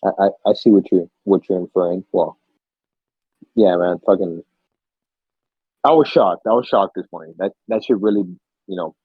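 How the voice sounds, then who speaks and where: A young man co-hosting a casual podcast chat, his husky, slightly breathy voice sitting low at a moderate pace with long pauses. He tells stories with animated energy, swears freely, and acts out screams and gasps. The sound is dry and a bit dull, like a cheap mic, with no room sound.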